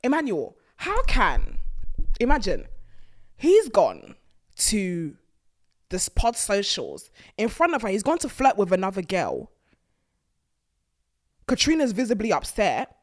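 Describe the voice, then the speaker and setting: A woman, hosting a casual talk about a reality TV show, animated and mocking as she acts out the people she talks about. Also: mid-range voice, slow, long pauses. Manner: animated, mocking, quotes people in put-on voices. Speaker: host.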